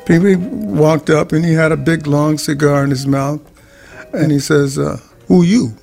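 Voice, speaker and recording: An older man, a jazz musician, telling an anecdote in a relaxed way with fillers. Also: fairly high pitch, normal speed, vocal fry, soft background music. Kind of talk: interview anecdote.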